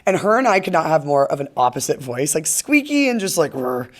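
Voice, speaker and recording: A woman's voice: deep voice, big pitch swings. A woman hosting a podcast in a chatty, casual way, with a throaty voice. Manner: fast, chatty. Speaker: podcast host. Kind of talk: casual chat.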